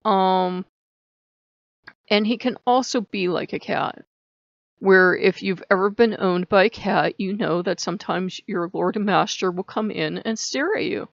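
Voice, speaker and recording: A woman's voice: medium pitch, measured pace, vocal fry, no room sound. Chatty woman, dull dry recording. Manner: chatty, laughs often, acts out little dialogues. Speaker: channel host. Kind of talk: casual spiritual talk to camera. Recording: dull lo-fi sound in a dry room.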